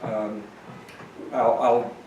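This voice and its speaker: A man reading aloud from his own novel with expression, then summarizing it in halting speech with many fillers. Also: mid-range voice, highs cut off. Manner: expressive reading, halting and filler-laden when talking freely. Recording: echoey room, mic at a distance, faint noise.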